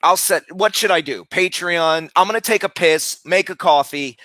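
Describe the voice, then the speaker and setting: A man live streaming, talking casually and loudly berating people with heavy profanity. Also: high voice, normal speed.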